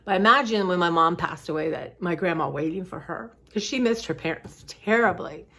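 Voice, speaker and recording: A woman's voice: on the low side, normal speed, a bit bright. Rambling, heartfelt middle-aged woman. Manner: tired and close to tears. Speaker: vlogger. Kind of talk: casual personal vlog chat.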